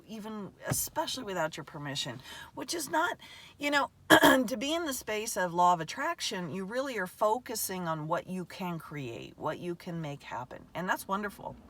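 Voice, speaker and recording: A woman's voice: medium pitch, a bit bright. A woman hosting a podcast, talking through a meandering spiritual reflection outdoors, often restarting sentences and laughing mid-thought. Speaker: podcast host. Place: outdoors in a remote spot.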